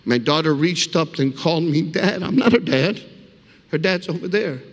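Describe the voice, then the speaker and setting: A man's voice: on the high side, expressive, normal speed, creaky. A man giving a guest sermon with his personal testimony, telling the story vividly and emphatically and calling the congregation for amens. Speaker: guest speaker. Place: church sanctuary. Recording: echoey church hall.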